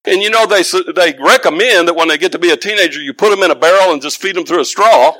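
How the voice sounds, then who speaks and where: A man's voice: high-pitched, quick pace, few pauses, pushed and bright, no room sound, low-quality recording. An older man preaching a sermon as pastor, folksy and conversational, building to fervent emphasis.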